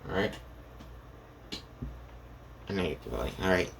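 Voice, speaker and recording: A man telling a made-up fan story off the cuff, rambling and halting, voicing the characters' lines as he goes. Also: sits low, lively intonation, gravelly, background noise. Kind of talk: improvised fan story narration.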